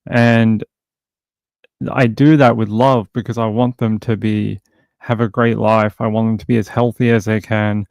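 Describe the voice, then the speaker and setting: A gravelly-voiced Australian man hosts a casual livestream, greeting viewers by name and joking around. His delivery is loose and chatty with a tired edge, recorded close and dry with no room sound. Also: mid-range voice, darkish tone, no room sound. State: tired from insomnia. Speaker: livestream host.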